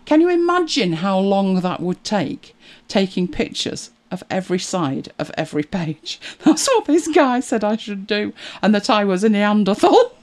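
A middle-aged woman chatting to camera as a video creator, animated and exasperated, laughing at herself. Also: medium pitch, normal speed, hardly any pauses. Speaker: YouTube creator. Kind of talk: casual chat to camera.

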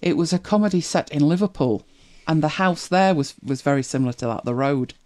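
Reacting to videos, a streamer from northern England chats casually to viewers at a slightly quick pace. The voice is mid-range, the northern English accent is softened, and there's plenty of musing aloud and frequent laughter.

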